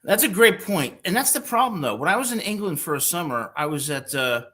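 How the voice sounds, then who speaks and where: Young male sports talk host from New Jersey, bright tense voice, boisterous joker. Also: high-pitched, brisk. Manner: boisterous, jokey, animated storytelling. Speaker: podcast host.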